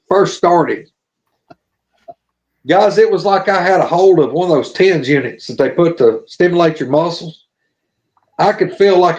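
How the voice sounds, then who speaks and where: A man's voice: fairly high pitch, darkish tone. A man telling a long personal story in a folksy, earnest way on a casual live show. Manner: folksy, earnest, drawling testimony. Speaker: podcast guest telling his story. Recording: dull lo-fi audio.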